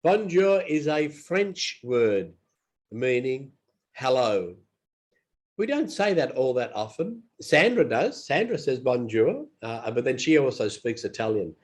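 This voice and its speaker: A man's voice: medium pitch, big pitch swings, a little mellow. A man teaching English phrases in a casual lesson, repeating each one aloud and not feeling well. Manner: slow and repetitive, models phrases aloud. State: unwell.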